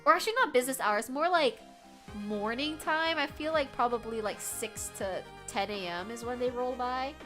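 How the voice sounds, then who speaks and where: A woman streamer chatting casually with her viewers from a room at home while doing crafts, animated and swearing freely as she reacts loudly to chat. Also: on the high side, moderate pace, music in the background.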